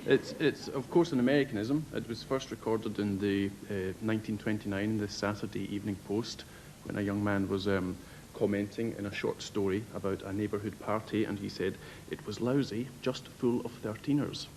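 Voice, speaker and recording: A man's voice: on the low side, fairly even intonation, brisk, hardly any pauses, darkish tone, a little hiss or hum, poor audio. A man panel guest giving a definition hesitantly, with many fillers. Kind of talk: bluffing a definition.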